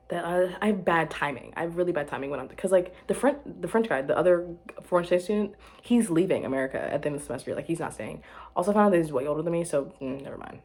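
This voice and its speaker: A young woman chatting to camera about her life, rambling and restarting, giggling and dropping to quiet murmurs. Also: on the low side, fast. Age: young adult. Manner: rambling, self-interrupting, giggly, drops to murmurs. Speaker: vlogger. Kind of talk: casual chat to camera.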